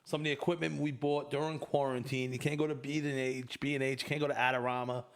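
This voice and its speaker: A man in his thirties hosts a loose podcast chat. He tells crude, rambling stories, swears freely and laughs along as he goes. His voice sits at a middling pitch. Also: fast talker. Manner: profane, animated storytelling with laughs. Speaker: podcast host. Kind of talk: casual chat.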